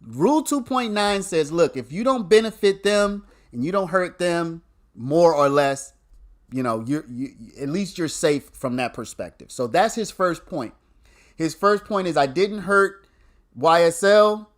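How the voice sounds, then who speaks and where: Animated man explaining to viewers. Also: fairly high pitch, a little slow. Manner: talks straight to viewers, repeats points, many restarts. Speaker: legal commentator hosting a livestream. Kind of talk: casual explanatory commentary.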